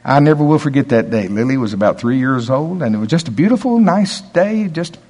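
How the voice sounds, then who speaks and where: An older man preaching a sermon, folksy storytelling, dropping to low asides and rising to loud, emphatic preaching. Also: animated, brisk. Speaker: pastor.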